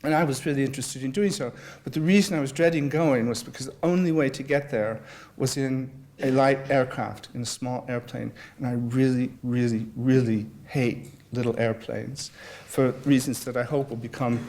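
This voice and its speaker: A man speaking at a public talk, mixing anecdote with reading aloud. His telling is wry and self-deprecating, with a mid-pitched voice. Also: steady tone, normal speed, darkish tone. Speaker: guest speaker. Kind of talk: humorous storytelling and reading aloud.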